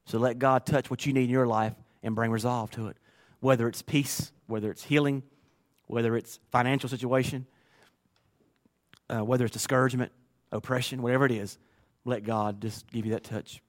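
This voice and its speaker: A man pastor preaching a sermon through personal stories, earnest and emotional, moving from quiet to loud. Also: mid-range voice, fairly even intonation, normal speed. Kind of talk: storytelling sermon.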